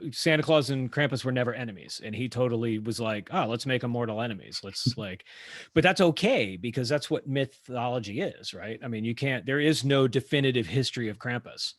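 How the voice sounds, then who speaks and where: A man co-hosting a podcast, chatting casually about a book, animated and laughing easily, with frequent swearing. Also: mid-range voice, fairly quick, few pauses, no room sound, studio quality. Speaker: podcast co-host.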